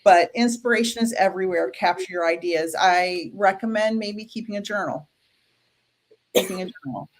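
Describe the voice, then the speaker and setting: A woman's voice: mid-range voice, moderate pace. A woman co-hosting a live stream, pulling cards and chatting playfully with viewers. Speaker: co-host. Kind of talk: live-stream card reading.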